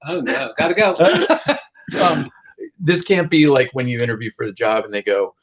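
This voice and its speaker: A man's voice: mid-range voice, big pitch swings, moderate pace, slightly rough. A middle-aged man who is a doctor, co-hosting a podcast in casual chat and laughing often through his stories.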